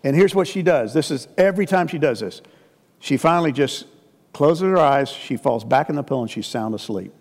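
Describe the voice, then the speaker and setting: A man in his sixties preaching a sermon in a relaxed, conversational way, often asking the congregation rhetorical questions and slipping in folksy jokes. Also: medium pitch, brisk. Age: 60s. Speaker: pastor. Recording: long hall reverb.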